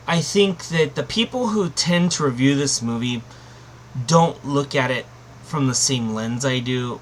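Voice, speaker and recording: A man's voice: medium pitch, fairly bright tone, a little hiss or hum. Rambling, emphatic man reviewing a film. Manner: rambling and emphatic, many fillers and restarts. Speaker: anime reviewer. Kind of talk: casual spoken review.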